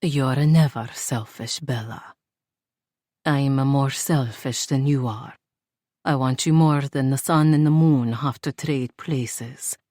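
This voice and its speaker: A woman's voice: a bass voice, slow pace, dark tone, no echo, studio quality, heavily acted. A woman reading an audiobook, voicing a devoted Italian man who speaks tenderly and earnestly to his partner.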